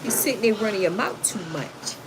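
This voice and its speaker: A woman's voice: mid-range voice, animated, brisk. A woman, hosting a casual livestream, reading chat comments aloud and giving blunt, sassy advice. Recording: noisy home recording.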